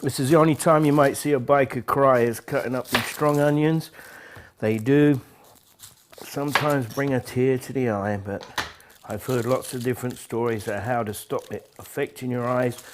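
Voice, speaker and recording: A man's voice: medium pitch, steady tone, normal speed. Biker guy cooking curry, joking around, umms a lot, bit of hiss behind. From England. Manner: wry, joking, hesitant with fillers. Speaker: home cook, biker club president. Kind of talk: casual cooking demonstration.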